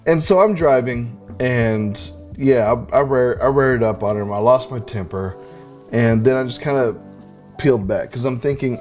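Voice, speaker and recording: Male pastor, mid-range voice, story-driven sermon delivery, soft music bed. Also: medium pitch, moderate pace. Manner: animated storytelling with self-deprecating humor.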